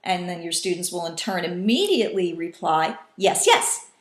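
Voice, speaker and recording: A woman's voice: lowish voice, fairly quick. A woman teacher walks other teachers through a classroom routine, patient and instructional. She sometimes acts out calls in different voices. The room around her is echoey. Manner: patient, demonstrating call-and-response in varied voices.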